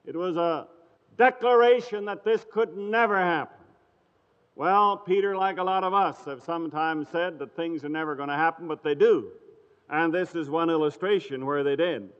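High-voiced preacher in a reverberant hall. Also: male voice, fairly bright tone, clean tone. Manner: measured storytelling, reads scripture in old-fashioned phrasing. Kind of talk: sermon. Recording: dull lo-fi recording in a reverberant hall.

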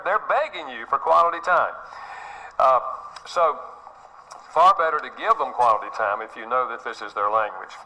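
Bright-voiced man preaching. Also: medium pitch, low-quality recording. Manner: earnest, repeats himself, acts out quotes. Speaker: speaker on parenting. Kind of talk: sermon-style talk.

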